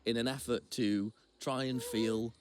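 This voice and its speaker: A man's voice: mid-range voice, steady tone, unhurried, a little mellow. A young man co-hosting a chat podcast, telling a rambling, self-deprecating story with lots of restarts. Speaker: podcast co-host. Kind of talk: casual anecdotal storytelling. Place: Brighton.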